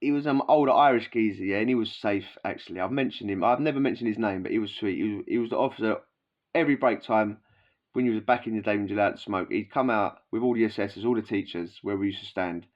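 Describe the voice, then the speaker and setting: A man's voice: on the low side, fast talker, highs cut off. Slangy man telling stories. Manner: rambling and slangy, with many fillers and asides. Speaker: vlogger recounting prison life. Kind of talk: casual storytelling.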